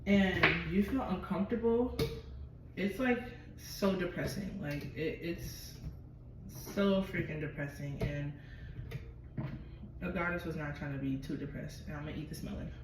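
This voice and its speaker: A woman vlogger telling a personal story in a chatty, expressive way and swearing freely. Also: sits low, unhurried, long pauses, distant mic. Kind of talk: casual storytelling to camera. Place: at home. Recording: very echoey room, voice from afar, noisy.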